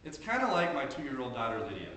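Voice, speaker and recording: A man's voice: mid-range voice, wildly swooping pitch, fast, a bit bright, a little hiss or hum. A man preaching a sermon to a congregation in an earnest, conversational way. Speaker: pastor. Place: church sanctuary during a service. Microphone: handheld camcorder in the congregation. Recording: very echoey church, camcorder audio.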